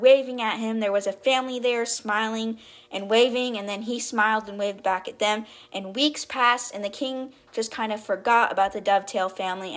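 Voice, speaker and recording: Chatty young woman recapping a story. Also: medium pitch. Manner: chatty, acts out quotes in brief voices. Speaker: podcast host retelling a book.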